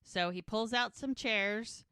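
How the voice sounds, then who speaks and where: A woman's voice: a little high, slow, pushed and bright, clear, resonant tone, dry recording, clean studio sound. A woman podcast co-host chatting casually, recapping TV scenes and retelling the characters' dialogue in detail. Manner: retells dialogue in detail, acting out the lines in quotes.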